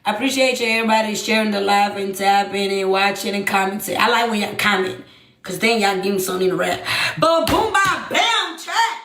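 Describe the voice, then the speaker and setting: A young woman telling a story on a live stream, animated and profane, often calling out to her chat. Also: medium pitch, fairly quick, reverberant. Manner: animated, swears freely, keeps addressing the chat. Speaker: livestream host.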